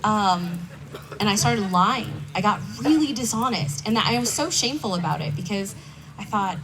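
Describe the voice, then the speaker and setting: A woman's voice: mid-range voice, lively intonation, normal speed, crowd noise. A young woman speaking candidly at a recovery meeting, telling her personal story in a conversational way with self-mocking asides. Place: conference hall stage. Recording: distant mic with faint background noise.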